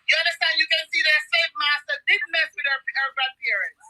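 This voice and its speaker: A Jamaican woman in her fifties with a high, very bright voice. She tells stories in a lively, emphatic way as she co-hosts a casual talk show panel. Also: brisk, low-quality recording. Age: 50s.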